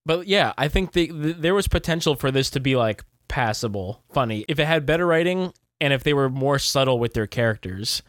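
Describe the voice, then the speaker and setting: A man's voice: medium pitch, lively intonation, a little fast, hardly any pauses, dry recording, clean studio sound. A young man co-hosting a casual movie review podcast, talking in a blunt, laid-back way and swearing now and then. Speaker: podcast co-host.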